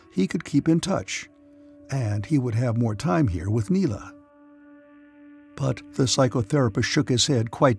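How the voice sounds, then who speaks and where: A man giving steady, scripted audiobook narration of a science fiction story. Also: medium pitch, gravelly, husky.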